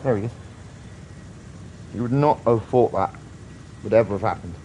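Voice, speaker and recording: British man, fairly low voice, rambling, earnest, sweary, faint background hum. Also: moderate pace, mellow, low-quality recording. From Britain. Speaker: streamer. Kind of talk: casual live-stream chat.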